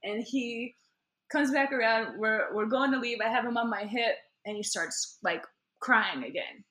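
Bright-voiced woman telling a wild story. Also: fairly high pitch, a little slow. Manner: animated storyteller, acts out voices, laughs often. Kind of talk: casual chat.

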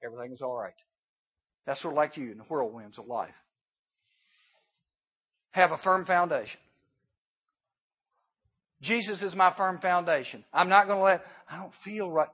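A man giving an emphatic sermon at a youth camp, swinging between hushed and loud. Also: fairly high pitch, animated, moderate pace, pauses often, husky. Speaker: camp speaker. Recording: dull lo-fi recording.

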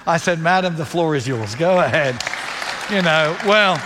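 A man's voice: fairly high pitch, expressive, normal speed, big-room sound, a loud crowd, heavy background noise. A man preaching a sermon, telling a story with animation and acting out the dialogue.

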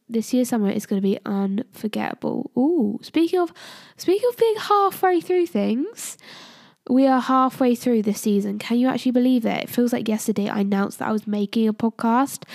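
Stuffy-nosed British woman, gravelly. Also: fairly high pitch, warm tone, no echo, studio quality. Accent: British English. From Britain. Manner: chatty and rambling, many "like" and "um" fillers. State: ill with a stuffed-up nasal voice. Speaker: podcast host. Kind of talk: casual solo podcast chat.

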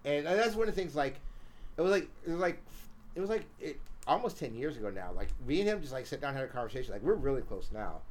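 A man's voice: mid-range voice, very animated, fast, low-quality recording. A man in his thirties in a casual podcast chat, rambling, repeating phrases and laughing through his stories. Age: 30s.

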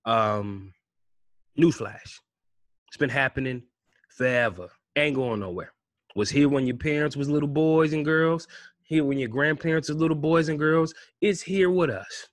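A man's voice: fairly high pitch, fairly even intonation, unhurried, no echo, clean studio sound. A man giving a blunt, impassioned monologue as a podcast host, full of cussing and rhetorical questions.

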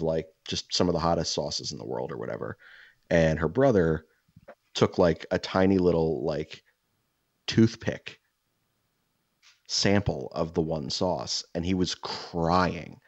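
Man, co-host type: very low, gravelly and husky voice, rambling profane storyteller, dry slightly dull mic. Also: dry recording. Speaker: podcast co-host. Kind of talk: casual chat, storytelling.

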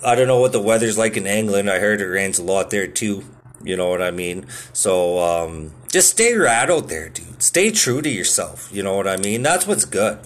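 A man in his thirties with a fairly low voice rambles through casual stories. He swears constantly and fills his talk with "like" and "you know". His delivery is easygoing and unpolished. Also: big pitch swings, normal speed. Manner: laid-back, swears a lot, lots of filler words. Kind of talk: casual monologue.

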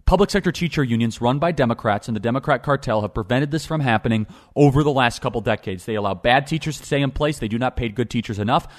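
Young guy hosting a political talk show, talks super fast, really pushy, keeps repeating himself. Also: medium pitch. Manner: emphatic, repeats phrases for stress. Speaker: podcast host.

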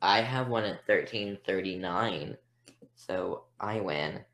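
A woman's voice: very deep voice, takes it slowly. A woman co-hosting a podcast in casual chat, rambling and self-deprecating as she talks. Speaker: podcast co-host.

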